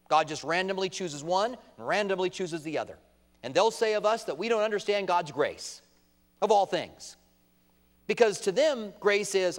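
Male pastor, high-pitched, passionate pulpit delivery with emphatic peaks, recorded with hall reverb. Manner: impassioned, rising to emphatic outbursts, quotes opponents in mock voices. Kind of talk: sermon. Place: church sanctuary at a pulpit. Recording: long reverb of a large hall.

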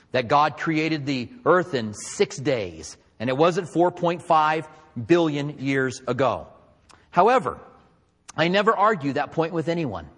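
A man teaching from the Bible in a conversational, animated preaching style with emphatic asides. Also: on the high side, breathy edge, in a large hall. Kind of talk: sermon.

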